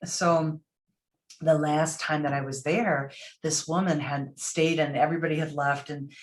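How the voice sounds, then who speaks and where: Woman, low voice, podcast guest, lively storytelling, acts out quotes. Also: a little slow. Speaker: podcast guest, motivational speaker.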